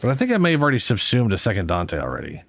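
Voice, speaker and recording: A man's voice: lowish voice, wildly swooping pitch, very fast, a bit bright, dry recording. A man streaming a game in casual chat, sleep-deprived and rambling, cursing now and then.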